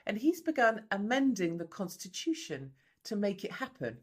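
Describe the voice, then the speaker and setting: A woman's voice: mid-range voice, very animated. A woman reporter giving grave, emphatic scripted documentary narration. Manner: grave, emphatic, measured delivery.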